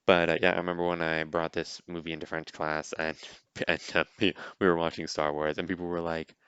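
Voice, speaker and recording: A man's voice: low-pitched, little pitch movement, fairly quick, a bit bright, smooth, no echo, lo-fi sound. A man hosting a podcast, giving a casual, rambling reaction commentary on a movie, with lots of "like" and "you know.". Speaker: podcast host.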